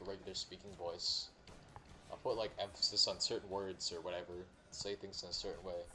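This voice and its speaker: A man's voice: low-pitched, pushed and bright. A young man chatting casually while streaming a game, rambling with many fillers and restarts. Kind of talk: casual gameplay chat.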